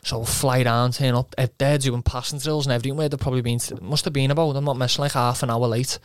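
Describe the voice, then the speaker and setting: A man's voice: medium pitch, steady tone, fast talker, clear, resonant tone, no room sound, clean studio sound. Young man, rambling story. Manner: rambling, swears, quotes himself, laughs often. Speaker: footballer guest. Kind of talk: casual anecdote.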